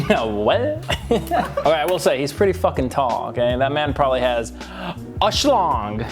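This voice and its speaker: Man, snarky reality-show review, lively swooping voice, laughs a lot, faint music underneath. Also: a little high, normal speed. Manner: sarcastic, laughing often, crude jokes. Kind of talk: comedic commentary over clips.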